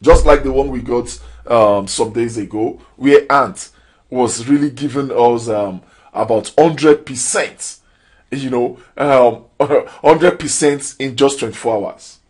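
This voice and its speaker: A man's voice: medium pitch, slow, a little mellow, breathy edge. A man giving a motivational trading lesson, preachy and full of rhetorical questions with rising emphasis. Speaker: crypto trading trainer. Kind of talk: motivational training talk.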